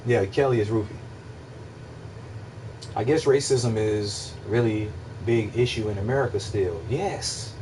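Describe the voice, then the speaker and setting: A man's voice: lowish voice, unhurried, a little mellow, slight background noise. Rambling, profane man far from the mic. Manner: rambling, profane, repeats himself, asks listeners if they follow. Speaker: livestream host answering chat. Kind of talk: casual philosophical monologue.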